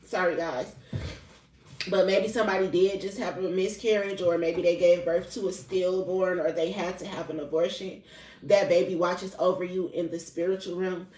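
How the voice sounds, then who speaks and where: A woman's voice: on the low side, steady tone, normal speed, a little mellow. A young adult woman, a spiritual reader, telling a personal story in a candid, heavily profane, casual confessional way. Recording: roomy echo, mic at a distance.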